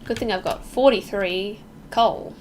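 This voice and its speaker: A woman's voice: mid-range voice, measured pace, a little hiss or hum. A young woman from Melbourne with an Australian accent, chatting casually with viewers while streaming a game, reacting aloud and joking at her own expense.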